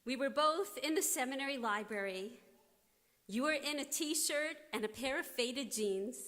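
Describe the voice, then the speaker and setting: A woman rabbi delivers a formal blessing and tribute, her fairly high voice slow and deliberate. She lets whole phrases fall to a near hush. The long reverb of a big hall carries every word. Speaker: rabbi giving an installation tribute.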